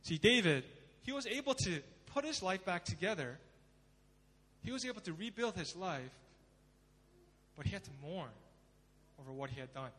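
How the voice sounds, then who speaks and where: Male pastor, high voice, dramatic sermon delivery, long hall reverb. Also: very animated, normal speed, long pauses, husky. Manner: dramatic, swings from loud emphasis to hushed pleading.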